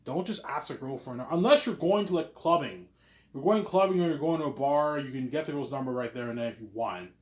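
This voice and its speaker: A man's voice: mid-range voice, quick pace. A man, around thirty, rambling in a casual, self-assured monologue and tacking "obviously" and "man" onto his sentences. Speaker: vlogger. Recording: roomy echo.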